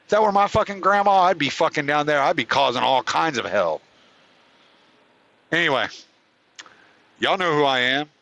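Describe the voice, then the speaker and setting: Furious high-voiced man ranting. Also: expressive, moderate pace, creaky, long pauses, bright, forceful tone, lo-fi sound. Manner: furious, profane, heated ranting. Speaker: podcast host. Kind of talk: angry ranting monologue.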